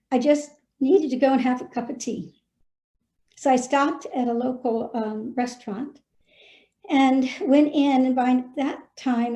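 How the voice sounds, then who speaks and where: A former head of school, appearing as a guest speaker on a video call, shares a personal story and offers earnest, heartfelt advice to school leaders, gently urging them on. Her voice sits on the high side, with a roomy sound and the highs cut off.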